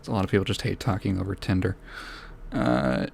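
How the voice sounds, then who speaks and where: A man's voice: low voice, expressive, brisk, vocal fry, darkish tone, a little hiss or hum. Rambling man telling a story, laughing. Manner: rambling, self-deprecating, laughs often, swears. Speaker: podcast host. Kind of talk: casual storytelling.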